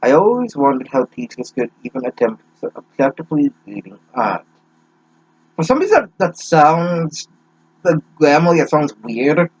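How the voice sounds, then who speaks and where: A man's voice: on the high side, lively intonation, moderate pace, husky, no room sound, highs cut off. A young man reading a fanfic aloud with sarcastic, profane asides, stumbling over words. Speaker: reader mocking a fanfic.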